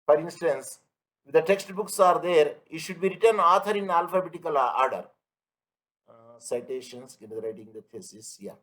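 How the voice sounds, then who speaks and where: High-voiced man lecturing. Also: expressive, moderate pace, fairly bright tone, low-quality recording. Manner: repeats points, asks if students follow; everyday analogies, emphatic. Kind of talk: online class lecture.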